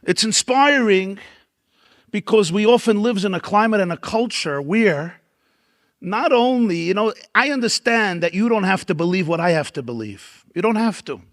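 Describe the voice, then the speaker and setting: A man's voice: high voice, lively intonation, normal speed, no echo, clean studio sound. A man, a rabbi, giving a storytelling keynote lecture at a dinner event, emphatic and building up lists.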